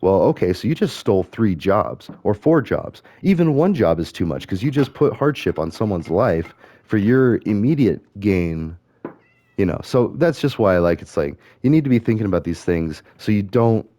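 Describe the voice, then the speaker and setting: A middle-aged man rambles through casual commentary while gaming, drifting between thoughts and catching himself mid-sentence. His voice sits low and mellow, recorded dry and close. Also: very animated, moderate pace, dry recording. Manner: meandering, self-correcting, musing aloud. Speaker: gaming streamer.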